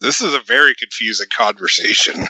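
Bright-voiced sarcastic male co-host. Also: medium pitch, fairly quick, dry recording, rough recording. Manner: teasing, sarcastic. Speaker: podcast co-host. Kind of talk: casual gaming chat.

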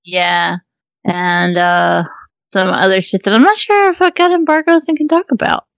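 A woman co-hosting a gaming podcast in casual chat, with a high-pitched voice and a giggly, crude way of joking. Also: normal speed, creaky, no echo, muffled recording. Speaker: podcast co-host.

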